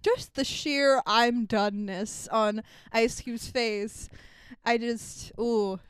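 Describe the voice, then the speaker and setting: A woman's voice: on the high side, steady tone, slow, smooth, no room sound, studio quality. A young woman co-hosting a podcast, recapping a movie in casual chat, laughing, swearing and acting out lines. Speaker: podcast co-host.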